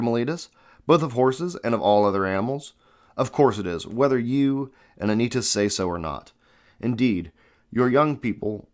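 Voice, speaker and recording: Man, fairly low voice, amateur reading aloud, earnest, questioning, occasional restarts. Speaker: reader of classic texts.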